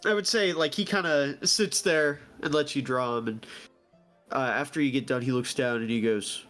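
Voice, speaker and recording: A man's voice: medium pitch, normal speed, a bit bright, soft background music. A young man narrating a tabletop game as game master, playful and lightly voicing the characters. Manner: playful storytelling, voices orc characters lightly.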